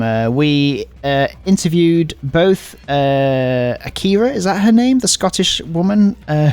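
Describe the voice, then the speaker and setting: A man's voice: fairly high pitch, darkish tone. A man hosting a let's play of a visual novel, reading the game's dialogue aloud in a casual, rambling, self-mocking way. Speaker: gaming host.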